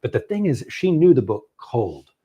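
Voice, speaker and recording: A man, a novelist, telling a long story in casual conversation, animated and halting with many fillers and restarts. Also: medium pitch, breathy edge. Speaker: novelist guest.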